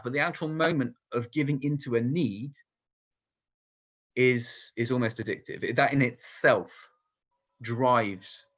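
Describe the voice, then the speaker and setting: A man's voice: mid-range voice, a bit bright, lo-fi sound. A man giving a conversational sermon as a rabbi, talking about himself in a candid, personal, reflective way.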